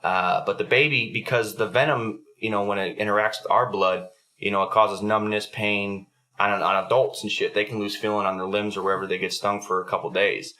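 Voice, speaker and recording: A man's voice: lowish voice, steady tone, a little fast, pushed and bright. A young adult man hosting a podcast, telling a story in a casual, profanity-heavy way. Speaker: podcast host.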